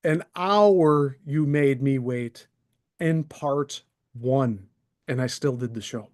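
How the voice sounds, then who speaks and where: A channel host in his thirties delivers a solo rant to camera into a desk microphone, heated, sarcastic, profane, and very animated. His voice is mid-range and slow.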